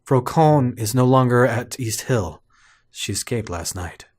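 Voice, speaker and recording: A man voicing a calm, earnest German doctor from a game, reading the lines in his own plain voice without attempting the accent. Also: medium pitch, a little slow, pitched below the performer's own voice.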